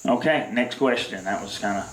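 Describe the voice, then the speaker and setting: A man's voice: on the low side, moderate pace, a little hiss or hum. A man from Louisiana, holding a comedic mock press conference in a rambling, drawling way full of fillers. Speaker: self-proclaimed outdoorsman at a mock press conference. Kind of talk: deadpan comedic monologue. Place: barn. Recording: echoey room.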